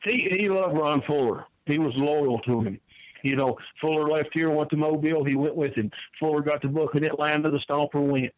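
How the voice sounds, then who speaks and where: Older guy, folksy storyteller, kinda high voice, dry sound. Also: fairly even intonation, moderate pace, no room sound, muffled recording. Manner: folksy, repeats words, laughs between stories. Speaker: wrestling manager guest. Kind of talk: storytelling interview answer.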